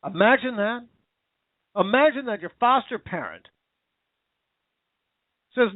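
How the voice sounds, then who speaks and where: A very high-voiced man with lively intonation hosts talk radio at a slow pace, pausing often. His impassioned monologue is an angry, emotional rant full of repetition that escalates as he goes, captured in a dry, tinny, phone-like recording.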